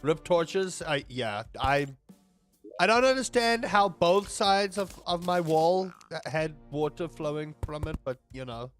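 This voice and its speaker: Faint music plays behind this young South African streamer as he games live, talking to chat in a loose, rambling way full of jokes. He speaks a little slowly, his pitch fairly high and his delivery expressive.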